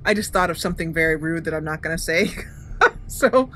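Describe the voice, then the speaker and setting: A woman's voice: low voice, fairly quick, a bit bright, a little hiss or hum. A woman hosting a let's-play, chatting casually as she thinks aloud, with frequent hesitant fillers and small chuckles. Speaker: gaming channel host.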